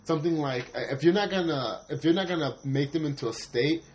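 A man co-hosting a casual podcast. He talks loudly, swears a lot, laughs often and mimics other people. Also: a little high, fast, a little hiss or hum, rough recording. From United States. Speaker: podcast co-host.

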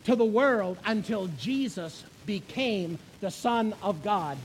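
Speaking slowly with lively intonation, a man gives a sermon in a very high voice, pressing his points through repetition and questions to the flock in true pulpit style. The audio is poor, with a faint hiss or hum.

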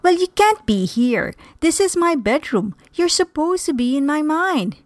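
A woman's voice: high-pitched, very animated, measured pace, no room sound, clean studio sound, voice pushed up. Woman reading as an anxious, pleading young man. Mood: disbelieving. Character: troubled young man praying for a sign.

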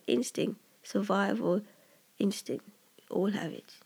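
A poet talking earnestly about their own poem in a personal, reflective monologue, halting and often dropping into whispers. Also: medium pitch, steady tone, creaky, a little mellow, breathy edge.

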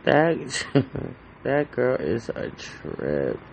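A man talks slowly and unhurriedly in a casual solo podcast monologue. His voice is deeply gravelly, with heavy vocal fry throughout. He rambles in an anxious, heartfelt way, with loose fillers and swearing. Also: big pitch swings, a little hiss or hum, rough recording. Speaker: podcast host.

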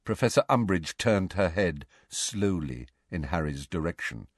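A man reading an audiobook aloud in an expressive, lively way. His voice is on the low side but rises and falls widely. The sound is close and dry. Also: measured pace, no echo. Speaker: audiobook narrator. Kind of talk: scripted narration.

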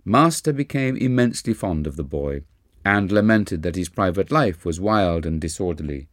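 A man narrating an autobiography audiobook in a calm, measured reading. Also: low voice, dry recording, studio quality. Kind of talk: scripted narration.

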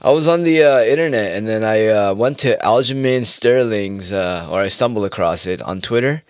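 Low-voiced man on a rambling rant. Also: normal speed, dry recording, studio quality. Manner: rambling, profane, laughs often. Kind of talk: casual monologue rant.

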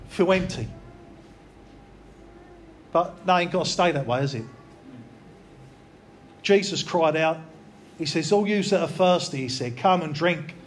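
A man's voice: high-pitched, a little hiss or hum. A man preaching an informal, earnest sermon, talking plainly and repeating phrases for emphasis. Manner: earnest, repetitive, conversational preaching.

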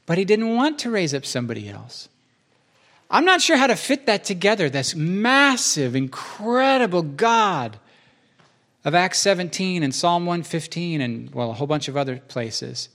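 A man hosting a casual, earnest chat, telling stories in an animated way and slipping into quick acted asides. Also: sits high. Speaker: podcast host.

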